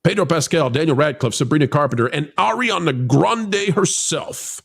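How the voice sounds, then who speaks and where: A man's voice: fairly high pitch, moderate pace, creaky, breathy edge. A man hosting a casual entertainment news podcast, joking with guests and reading headlines aloud. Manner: animated, jokey, reads headlines aloud. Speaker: podcast host.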